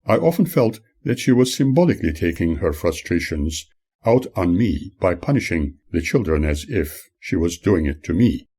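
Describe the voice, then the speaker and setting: A man reads his own memoir in an earnest, measured audiobook style. His voice sits very low and carries a husky grain throughout. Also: big pitch swings, warm tone. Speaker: author narrating his memoir.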